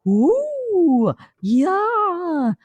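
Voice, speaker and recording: Lady doing a squeaky little baby whale, super high and bubbly, squealing for joy. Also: wildly swooping pitch, drawn-out words, darkish tone, dry recording, lo-fi sound, heavily acted. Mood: gleeful. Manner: squealing, gleeful. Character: excited tiny baby whale, bubbly and playful.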